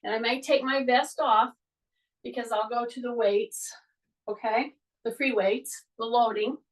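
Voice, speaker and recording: A woman with a high voice coaching a weighted workout, unhurried and deliberate as she counts reps and cues her breathing. She sounds a little distant from the mic, as if heard from a camera across the room. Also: fairly even intonation. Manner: encouraging, cueing moves and breaths while exercising. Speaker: fitness instructor. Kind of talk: coaching a live workout class.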